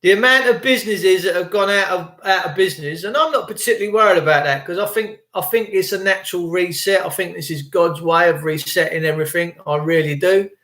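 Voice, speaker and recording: A man's voice: sits high, a bit bright, echoey room. A man delivering an indignant, sarcastic ranting monologue. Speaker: vlogger.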